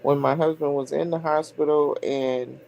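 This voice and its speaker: A woman's voice: low-pitched, fairly even intonation, moderate pace, gravelly, a little mellow, dull audio. A middle-aged woman, a hairdresser hosting a livestream, chatting candidly and laughing between lines. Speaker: stream host, hairdresser. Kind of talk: casual chat on a livestream.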